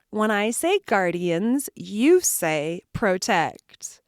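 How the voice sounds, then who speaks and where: A woman hosting a children's storytime, telling tales in a gentle, hushed, dramatic way. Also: mid-range voice, animated, takes it slowly, clear, resonant tone, no echo.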